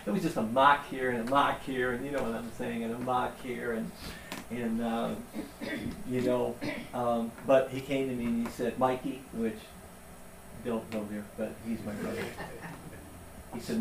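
A man preaching a sermon in a conversational, animated storytelling way. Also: medium pitch, moderate pace, vocal fry, noisy background. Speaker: pastor. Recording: roomy sound from a distance.

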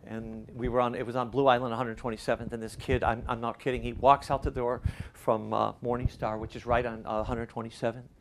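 A man's voice: medium pitch, level tone, a little fast, a little hiss or hum. An older man preaching in a conversational way, telling stories and giving lessons with rising emphasis. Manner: storytelling with rising emphasis and quoted voices. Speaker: pastor. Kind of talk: preaching, conversational sermon talk.

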